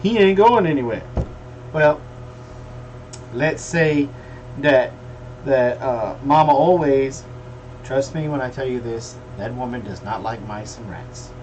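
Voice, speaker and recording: A man's voice: mid-range voice, takes it slowly, long pauses, a little mellow, highs cut off. Folksy, joking middle-aged livestream host, man, mic a little far off. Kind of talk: casual livestream chat. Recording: distant mic with faint room noise.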